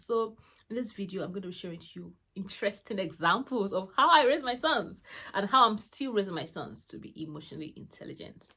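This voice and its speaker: Speaking brisk and animated in a medium-pitched, slightly rough voice, a channel host and mother around forty rambles warmly through parenting tips for her viewers. Fillers and restarts pepper her chatty delivery.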